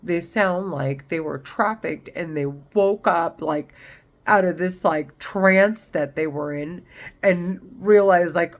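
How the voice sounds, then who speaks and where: A woman's voice: lowish voice, slow pace. A woman talking straight to camera in a rambling, agitated monologue, swearing often. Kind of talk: monologue vlog.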